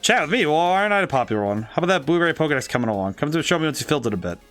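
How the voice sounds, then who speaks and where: A man's voice: on the high side, very animated, very fast, fairly bright tone, soft background music. A man reading as a cheerful, self-pleased man. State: dry, cracking throat.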